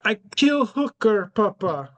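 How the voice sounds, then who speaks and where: Timid young European man in clipped broken English, pitched far up. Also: big pitch swings, a bit bright, full character voice. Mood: sheepish. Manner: halting broken English, short clipped phrases. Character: tall young man with a halting European accent, mumbling and childlike.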